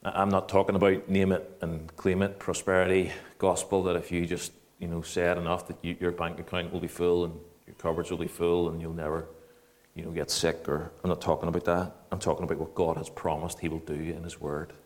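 A man preaching a sermon, animated and shifting between quiet earnest talk and loud mocking asides. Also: sits low, brisk.

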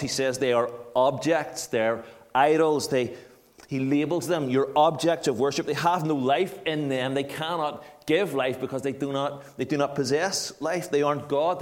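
A man preaching a sermon, animated and shifting between quiet earnest talk and loud mocking asides. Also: medium pitch.

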